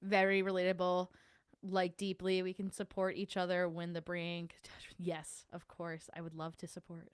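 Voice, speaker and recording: A woman's voice: lowish voice, completely flat delivery, normal speed, clean tone, no echo, clean studio sound. A young adult woman hosting a casual livestream, chatting and answering her chat in a self-deprecating way. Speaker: livestream host.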